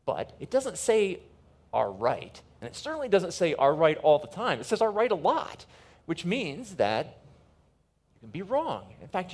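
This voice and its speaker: A middle-aged man giving a keynote talk to a live audience, emphatic and repeating key phrases slowly. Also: a little high, slightly rough. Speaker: conference speaker.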